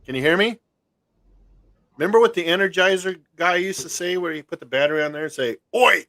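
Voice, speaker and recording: A man's voice: sits high, quick pace, a bit bright, no echo. A man chatting casually as a show host on a video call, joking and laughing often.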